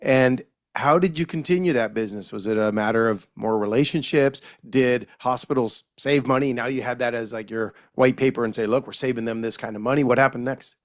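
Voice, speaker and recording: A man at a mid-range pitch hosts a podcast interview. He reacts with encouragement and follows up with a string of questions. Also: fairly quick, hardly any pauses. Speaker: podcast host. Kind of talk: interview conversation.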